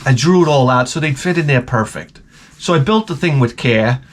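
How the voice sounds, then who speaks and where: A man's voice: mid-range voice, moderate pace, a little hiss or hum. A man sick with the flu, rambling through a casual, profane vlog as host. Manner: profane, rambling, animated storytelling. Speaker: YouTube host.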